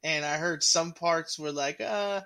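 Guy guesting on a podcast, bright voice, swears a lot, goes off on tangents. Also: fairly high pitch, normal speed. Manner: excitable, rambling, swears freely. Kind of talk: casual podcast chat.

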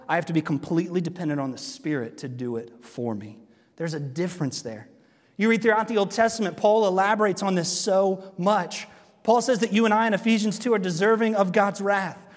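High-voiced pastor in an echoing church. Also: male voice, moderate pace. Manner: earnest, asks the congregation rhetorical questions. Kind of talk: sermon. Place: church sanctuary.

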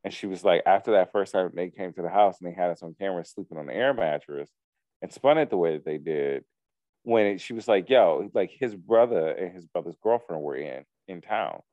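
A man casually recapping a reality show to a co-host, telling the story with lively quoted asides. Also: low voice, brisk, dry recording, highs cut off. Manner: animated storytelling with profanity, acts out quotes.

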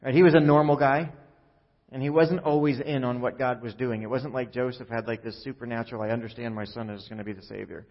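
A man's voice: medium pitch, steady tone, fast. A male pastor preaching a sermon in a conversational, joking way, acting out the quoted lines. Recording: muffled sound with long hall reverb.

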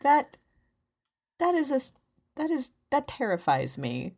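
A woman co-hosting a podcast in casual comedic banter, quick with dry, mock-serious comebacks. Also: high-pitched, huge pitch swings, gravelly, a little mellow. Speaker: podcast co-host.

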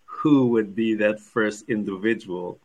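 Male host asking long questions, voice on the low side, with vocal fry and a husky edge. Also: measured pace, low-quality recording. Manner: warm, encouraging backchannels and long rambling questions. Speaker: interviewer. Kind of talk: interview questions.

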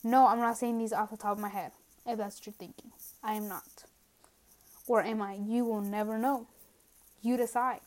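A woman's voice: on the high side, fairly even intonation, moderate pace, long pauses, darkish tone. A young woman hosting a casual solo podcast rant from home, rambling and self-mocking, a little out of breath. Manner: rambling, self-mocking, drifts into trailing asides. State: a bit out of breath. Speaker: podcast host. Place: at home, indoors.

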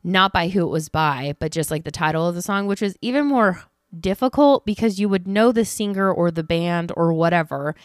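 A woman's voice: lowish voice, lively intonation, brisk, dry recording. Woman, podcast host, casual storytelling, blunt and chatty, dry close sound. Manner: chatty storytelling, acts out quotes, swears. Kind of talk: casual chat. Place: home office.

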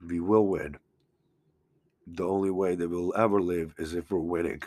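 A man's voice: deep voice, fairly even intonation, normal speed, long pauses, darkish tone, dry recording. A man hosting a solo podcast, talking casually and earnestly, sometimes choked up and swearing freely. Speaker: podcast host. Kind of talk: emotional casual monologue.

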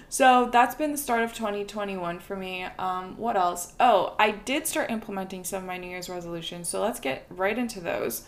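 A woman's voice: medium pitch, normal speed. A young woman hosting a casual solo podcast, chatty and self-deprecating, filling her talk with "like" and "um". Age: young adult. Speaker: podcast host.

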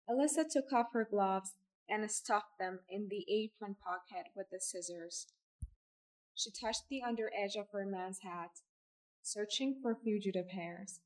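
A woman reading a literary short story aloud in a measured narration. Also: mid-range voice, a little mellow, poor audio. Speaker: audiobook reader.

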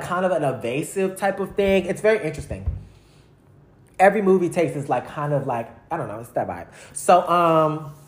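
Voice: mid-range voice, roomy sound. Young adult vlogger, loose rambling chat, heavy on slang and "like". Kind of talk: casual rambling monologue.

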